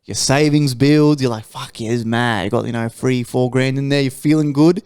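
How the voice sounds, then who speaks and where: Animated, swearing Australian man ranting. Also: normal speed, clean tone. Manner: animated storytelling, swears freely, big pitch jumps when ranting. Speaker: podcast co-host. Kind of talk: casual chat.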